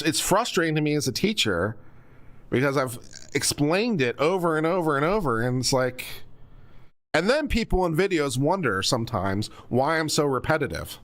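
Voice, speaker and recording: A man's voice: a little high, fairly bright tone. A man hosting a legal commentary stream, explaining rules to viewers over and over in a patient but mildly exasperated teaching manner.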